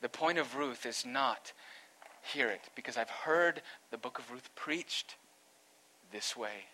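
A man's voice: medium pitch, animated, slow pace, sharp tone, slight background noise. A man, a pastor, preaching an earnest expository sermon that rises to emphatic peaks.

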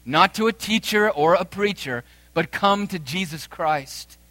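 A man in his thirties preaching a sermon as pastor, emphatic with dramatic pauses and rising swells. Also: high-pitched, pushed and bright, no echo.

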